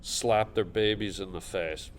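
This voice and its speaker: A Canadian man with a Canadian accent, a comedian guest telling deadpan absurd stories in casual podcast chat on a comedy club stage. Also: on the low side, a little slow, slight background noise. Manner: deadpan absurd storytelling, rambling.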